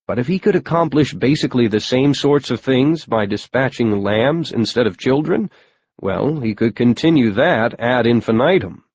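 A man's voice: mid-range voice, darkish tone, highs cut off. A man narrating a first-person audiobook in a wry, matter-of-fact storytelling manner.

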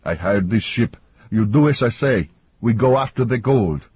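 A man's voice: medium pitch, expressive, normal speed, breathy edge, dry recording, dull audio, voice pushed up. A man doing Antonio, a bossy angry client. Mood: angry, commanding. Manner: forceful, growling. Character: Antonio, a domineering male ship's client, angry.

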